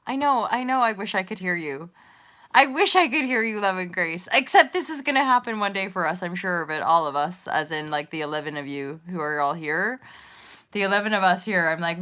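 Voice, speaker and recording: A woman's voice: lowish voice, normal speed, bright, forceful tone. A woman in her thirties hosting a casual spiritual livestream, rambling and giggling as she talks to viewers in the chat. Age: 30s. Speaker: host of a spiritual livestream show.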